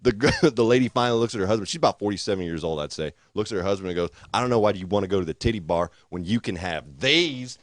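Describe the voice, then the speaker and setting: A man talks fast and loose, firing off quick jokes as he tells an anecdote of his own. His mid-range voice sits close to a dry, dead-sounding mic with no room at all. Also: fairly low pitch, animated, no echo. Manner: quick, joking interjections. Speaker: podcast co-host, comedian. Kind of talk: casual chat.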